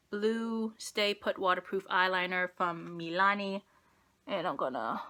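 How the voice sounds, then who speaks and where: A young woman with a bright, clear tone talks her way through a makeup tutorial. She rambles and pokes fun at herself as she applies each product. Her speech is casual and unscripted. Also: fairly low pitch. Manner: rambling self-deprecating, talks while applying makeup. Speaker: beauty vlogger.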